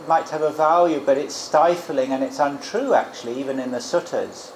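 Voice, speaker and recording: A man teaching as a Buddhist monk, giving an informal dharma talk and guided meditation in a gentle, musing way with frequent restarts. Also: on the high side, normal speed, slight background noise. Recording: echoey room with loud crickets. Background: crickets and insects.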